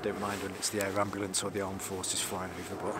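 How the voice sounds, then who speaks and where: A man's voice: low-pitched, completely flat delivery, quick pace, heavy background noise. A man hosting a casual gear vlog outdoors, chatty and self-mocking as he rambles to the camera. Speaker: gear channel host.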